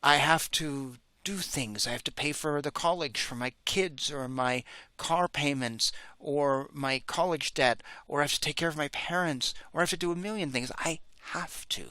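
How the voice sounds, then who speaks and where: Middle-aged male host, bright and forward, rambling candid commentary, dry close mic. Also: a little high, normal speed, no echo. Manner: candid, rambling, with frequent restarts and fillers. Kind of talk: casual reaction commentary.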